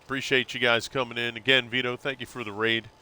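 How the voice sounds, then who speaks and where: A man's voice: mid-range voice, little pitch movement, fast talker, pushed and bright. A man streaming live, chatting casually and rambling, calling his viewers bro. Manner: laid-back, rambling, calls viewers bro.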